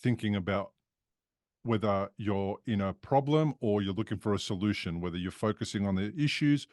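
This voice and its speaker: A man's voice: on the low side, normal speed, a little mellow, no echo. A man as an interview guest, talking openly and emphatically about recovery in casual conversation. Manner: open, frank and emphatic.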